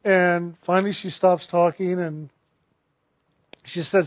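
A man who works as a spiritual counselor telling a personal story in an earnest, gentle way, with frequent restarts. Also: sits high, level tone, a little slow, long pauses, no room sound, clean studio sound.

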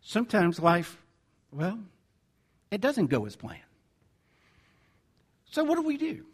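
A man's voice: high-pitched, takes it slowly, slightly rough. A man with a Southern American accent preaching a conversational sermon, reading scripture and correcting himself as he goes. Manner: animated, conversational, self-correcting. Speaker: pastor.

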